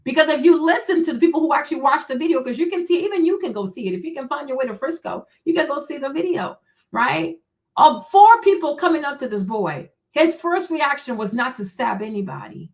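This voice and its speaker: A woman with a high-pitched voice hosts a live stream, reacting to chat comments. She talks in a combative, mocking tone, throwing rhetorical questions and answering them herself. Her speech is heavy with profanity and scorn. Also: lively intonation, brisk. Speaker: streamer host.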